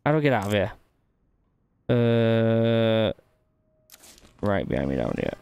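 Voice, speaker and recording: A man's voice: fairly low pitch, very animated, takes it slowly, creaky, pauses often, darkish tone, clean tone, no room sound. Man muttering through a game. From United Kingdom. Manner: thinks aloud, mutters to himself while solving puzzles. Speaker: gaming channel host. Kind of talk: gameplay commentary.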